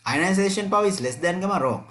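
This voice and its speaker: A man's voice: high voice, lively intonation, fast talker, fairly bright tone. A man teaching an online chemistry revision class, repeating key points and checking students' answers aloud.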